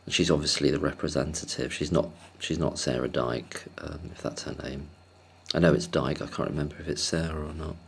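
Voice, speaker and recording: A man's voice: extremely low pitch, fairly even intonation, fairly quick, vocal fry, breathy edge. A man telling a casual, rambling story to camera, hesitant and self-deprecating, chuckling often. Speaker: vlogger.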